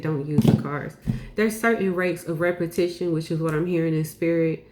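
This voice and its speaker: A woman delivers a channeled spiritual message, circling back on her phrases with emphatic repetition and casual asides. Her voice sits a little low for a woman. The room around her rings with a noticeable echo. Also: dark tone. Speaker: spiritual reader.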